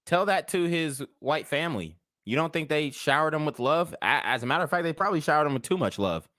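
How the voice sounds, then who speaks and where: A man's voice: on the high side, expressive, fast, bright, forceful tone, dry recording, studio quality. A young man hosting a livestream commentary show, talking in a heated, blunt, profane way. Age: young adult. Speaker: commentary channel host.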